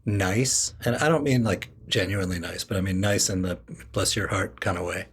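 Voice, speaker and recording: A man's voice: sits low, normal speed, slightly rough. A man co-hosting a podcast, chatting casually with lots of filler words and curious questions. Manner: chatty with many "like" fillers, inquisitive. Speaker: podcast co-host. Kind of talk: casual chat.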